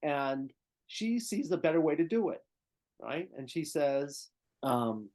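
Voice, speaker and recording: A man's voice: fairly high pitch, very animated, slow pace, a little mellow. An older male therapist telling a client story in conversation, often checking in with "right?" and "okay?".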